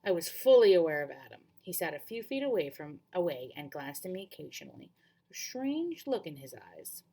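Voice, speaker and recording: A woman teacher reading a novel aloud to students, expressive and often correcting herself mid-sentence. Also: fairly low pitch, fairly quick.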